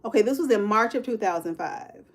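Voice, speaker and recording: Animated and brisk, with a fairly high pitch, a woman in her fifties hosts an informal true-crime livestream. She speaks right to the people watching, calling them "y'all," "child" and "honey," and answers their comments on the fly.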